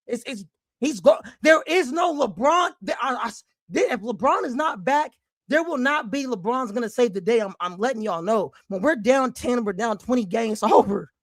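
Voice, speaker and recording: High-voiced man ranting angrily. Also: dry recording, studio quality. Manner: angry, profane, often shouting. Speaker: basketball fan show host. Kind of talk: heated fan rant.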